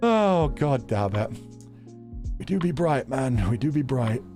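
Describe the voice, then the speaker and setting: A male streamer chats casually and jokes, laughing often between thoughts. His pitch is middling but very lively. Faint music plays softly behind him. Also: unhurried. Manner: animated, laughs often, jokey. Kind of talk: casual livestream chat.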